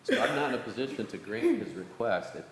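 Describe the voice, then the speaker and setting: A man's voice: medium pitch, huge pitch swings, fairly quick. A council member weighing a request aloud, hesitant and wry, thinking as he talks. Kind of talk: council meeting deliberation. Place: council meeting chamber. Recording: echoey chamber with faint hiss.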